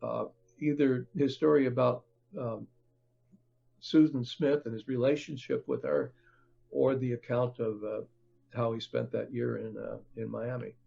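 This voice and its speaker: An older man, a book author, speaking as a podcast guest in a halting, conversational way with many fillers and restarts. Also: medium pitch, fairly even intonation, vocal fry, husky, dull audio. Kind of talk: conversational interview.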